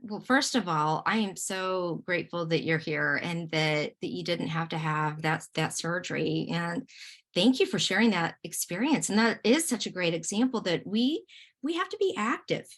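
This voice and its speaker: A woman lecturer speaking over a video call in a slightly low voice. She is encouraging and warm in tone, often pausing on fillers and restarting her phrases as she explains. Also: lively intonation. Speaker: lecturer on positive emotions. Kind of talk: online presentation and Q&A.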